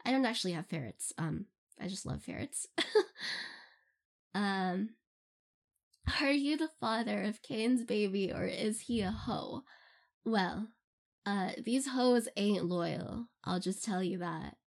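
A woman's voice: medium pitch, slow pace, vocal fry. A young woman answering fan questions in a casual, rambling way, giggling often and using lots of fillers. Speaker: audio role-play creator answering fan questions. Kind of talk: casual Q&A chat.

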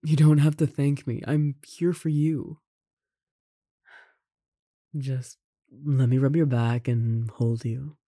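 Slow, warm-voiced tender roommate, in an audio roleplay. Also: mid-range voice, fairly even intonation, no room sound, studio quality. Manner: soft, tender, with gentle laughs and sighs. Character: caring roommate confessing love. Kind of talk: romantic audio roleplay addressed to the listener.

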